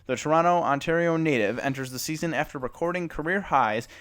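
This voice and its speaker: Brisk and a bit bright, with a voice on the high side, the young sports report host fumbles through an awkward anecdote, restarting often in a self-conscious, rambling way. Then he moves on to reading the news.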